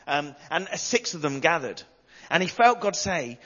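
A man's voice: a little high, big pitch swings, measured pace, fairly bright tone, in a large hall, lo-fi sound. A man preaching a sermon, telling stories emphatically and repeating lines for effect.

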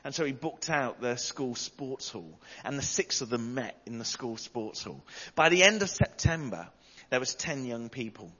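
A man's voice: medium pitch, lively intonation, normal speed, sharp tone, husky, big-room sound, lo-fi sound. A man preaching a sermon, telling stories emphatically and repeating lines for effect.

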